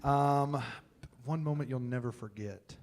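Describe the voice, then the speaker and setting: A man in his thirties, a comedian and former teacher, telling stories live on stage into a handheld mic, animated and jokey with quiet reflective stretches. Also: mid-range voice, measured pace.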